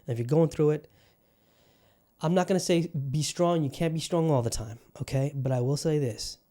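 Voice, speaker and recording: A man hosts his own casual solo podcast, delivering a rambling, profane, fired-up monologue in a put-on Southern US accent. His warm voice is on the high side at a moderate pace.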